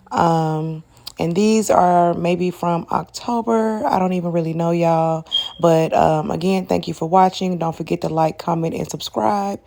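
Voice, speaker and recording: A woman's voice: fairly low pitch, creaky, warm tone, no echo. A young woman from Arkansas, giving blunt, sassy business advice in a casual vlog and calling viewers honey and baby. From Arkansas, USA. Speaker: esthetician vlogger.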